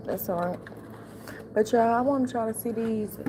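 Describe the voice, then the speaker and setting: A woman's voice: fairly high pitch, normal speed, noisy background. An older woman hosting a late-night livestream from home, chatting in a sassy, casual way with her viewers while sleepy and yawning. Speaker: livestream host.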